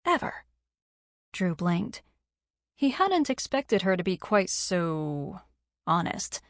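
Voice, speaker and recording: A woman narrating a romance novel in a steady, even reading. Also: fairly low pitch, slow pace, no echo, studio quality. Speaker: audiobook narrator.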